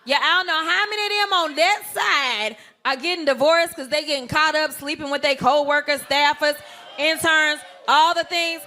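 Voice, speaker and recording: A woman talks in a casual, sassy, emphatic way in a played clip. Her voice is high and bright. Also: moderate pace.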